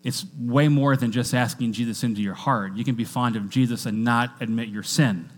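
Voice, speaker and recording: A man preaching a sermon to a church congregation, energetic, often asking the crowd to repeat lines after him. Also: medium pitch, moderate pace. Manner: energetic, with call-and-response to the congregation. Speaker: pastor.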